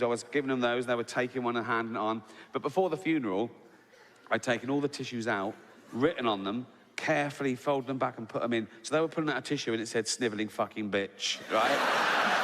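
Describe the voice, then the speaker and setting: A man's voice: fairly high pitch, big-room sound, background noise. A man telling stand-up stories, conversational and tagging lines with "right?". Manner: conversational, peppers lines with "right?", laughs at own jokes. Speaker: stand-up comedian. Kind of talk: stand-up storytelling.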